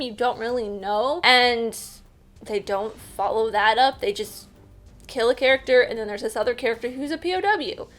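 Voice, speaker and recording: A young woman, casually reviewing a movie for her vlog in a chatty, candid way. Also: fairly high pitch. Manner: chatty, candid, laughs easily.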